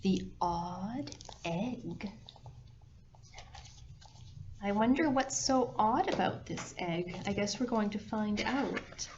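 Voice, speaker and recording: A woman librarian reads a picture book to little children at a slow, unhurried pace, gentle and animated with little gasps and sound effects. Her voice sits at an ordinary pitch. The recording is a bit dull and lo-fi, with faint noise behind her. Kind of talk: storytime picture-book reading.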